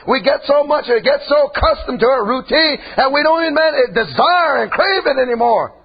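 A man preaching a sermon who swings between high shouting and low, quiet asides. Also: expressive, moderate pace, vocal fry, few pauses, lo-fi sound.

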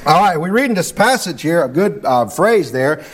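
Preacher, high-pitched man, sermon cadence with "Lord God" and "amen" refrains. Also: very animated, moderate pace. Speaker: pastor. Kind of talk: sermon and prayer.

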